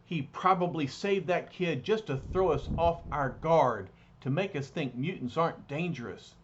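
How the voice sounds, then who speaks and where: A man's voice: on the high side, normal speed, close to an everyday voice. A man voicing an angry, suspicious man in a mob who speaks in a hostile, accusing way, on a slightly dull, lightly noisy recording.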